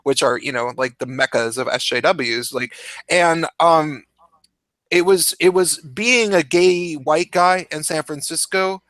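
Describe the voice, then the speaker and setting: A man's voice: fairly high pitch, a little slow, fairly bright tone, dry recording. A man in casual opinionated chat who talks in a heated rush, swears a lot and restarts his sentences often. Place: home, cat nearby.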